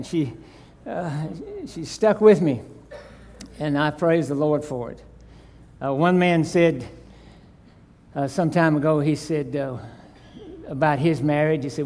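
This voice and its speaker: A man's voice: a little high, slow, darkish tone, a little hiss or hum. A man in his sixties or seventies, a visiting preacher in a church, talking in a folksy, self-deprecating way before a reverent prayer and scripture reading. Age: 60s or 70s. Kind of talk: sermon.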